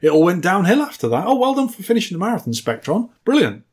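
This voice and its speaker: Husky, dry-humoured man. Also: sits high, sing-song, fast. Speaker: podcast co-host. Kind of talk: casual chat.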